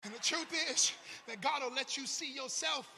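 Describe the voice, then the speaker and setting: A man preaching a sermon in a sing-song, chanting style that swells into shouts. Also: extremely high pitch, moderate pace, long reverb tail, soft background music.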